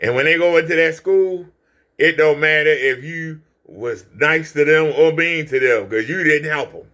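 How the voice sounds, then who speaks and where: A man's voice: a little high, normal speed, pushed and bright. A man hosting a reaction video, ranting profanely with taunts and insults at someone in a clip. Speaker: channel host reacting to a clip.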